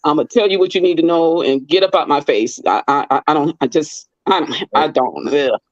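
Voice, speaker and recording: A woman's voice: a little fast, no echo, dull audio. A middle-aged woman in casual chat, telling stories and acting out the people in them with big jumps in her voice. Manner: animated, acts out quoted people with big pitch leaps.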